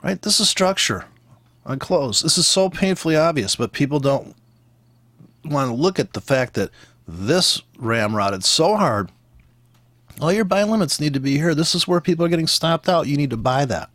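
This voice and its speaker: A man delivers blunt trading commentary, swearing freely and sounding exasperated. His voice sits a little high and swings widely in pitch. It is recorded close and dry, with no room sound. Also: animated, moderate pace, fairly bright tone, no room sound. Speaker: forex trader teaching. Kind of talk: ranting trading commentary over charts.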